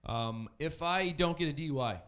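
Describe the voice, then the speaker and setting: A man's voice: a little high, normal speed, a bit bright. A man in his thirties doing a loose, self-mocking stand-up set on a comedy club stage.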